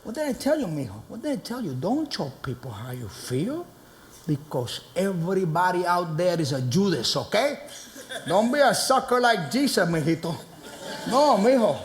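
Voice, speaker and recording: A man voicing a strict Latino father who scolds in a gruff voice, mixing in Spanish words, on a live stage. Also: high-pitched, big pitch swings, moderate pace, echoey room. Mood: scolding. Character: strict Latino father, stern and hot-tempered. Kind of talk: stand-up stage storytelling.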